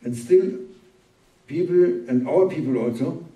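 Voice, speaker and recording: A man giving an informal sermon as a sheikh, speaking in a plain, halting way and repeating words for emphasis. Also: fairly high pitch, mellow. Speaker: sheikh teaching a religious talk. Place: gathering room at a summer camp. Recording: roomy room, distant mic.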